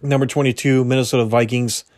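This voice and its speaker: A man's voice: medium pitch, level tone, fast, a little mellow. A young man hosting a solo sports podcast, talking casually, correcting himself often, his voice a little strained. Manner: casual, rambling, self-correcting, laughs at himself. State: slightly strained voice. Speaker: podcast host.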